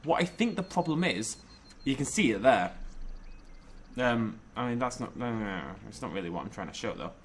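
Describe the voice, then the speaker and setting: Lively chatty man playing a game. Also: medium pitch, a little fast, a little hiss or hum. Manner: chatty, jokey, rambling with self-corrections. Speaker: gaming YouTuber. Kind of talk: casual game commentary.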